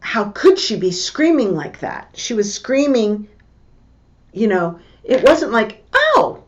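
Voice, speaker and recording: Older woman, teacher, slow deliberate lecture, repeats points, dull lo-fi recording. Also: medium pitch, big pitch swings, a little mellow. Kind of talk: lecture with personal stories.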